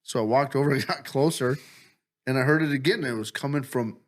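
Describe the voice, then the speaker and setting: A man's voice: mid-range voice, quick pace. A man co-hosting a casual comedy podcast, telling stories full of swearing and laughter and acting out what he said at the time. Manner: profane, laughing storyteller who acts out his own lines. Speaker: podcast co-host. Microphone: studio podcast mic.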